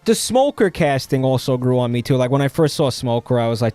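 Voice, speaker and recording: A man's voice: mid-range voice, very animated, a little mellow, clean tone. Rambling male streamer chatting over faint music. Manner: rambling, halting, with many fillers and restarts; offhand and sardonic. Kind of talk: casual live-stream chat.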